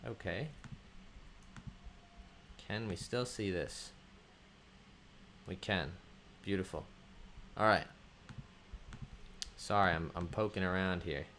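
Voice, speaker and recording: A man with a fairly low voice hosts a relaxed live stream from home and calls out viewers by name. He rambles along with frequent ums and restarts. A faint hum sits under his desk mic. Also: slow, long pauses. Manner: chatty, greets viewers by name, thinks aloud with ums. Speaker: livestream host. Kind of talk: casual livestream chat.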